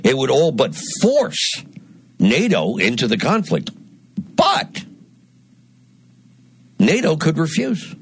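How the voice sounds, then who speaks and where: A man hosting a radio talk show, delivering a deliberate, emphatic commentary monologue with dramatic pauses. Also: on the high side, wildly swooping pitch, breathy edge. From Northeast Pennsylvania.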